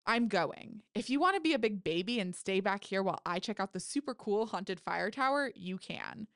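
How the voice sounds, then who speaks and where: A bold teenage girl camper, put on by a woman reading her story aloud, who teases and mocks her friend. The tone is brash, in an everyday pitch. It is recorded close and dry, with no room echo. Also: animated, normal speed, fairly bright tone. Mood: teasing. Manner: brash, mocking.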